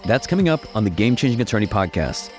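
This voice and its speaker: A man's voice: on the low side, very animated, fast talker, over music. A man hosting a podcast, reading a promotional intro and then chatting with his guest in an upbeat, friendly way. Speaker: podcast host. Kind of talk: scripted podcast intro and interview.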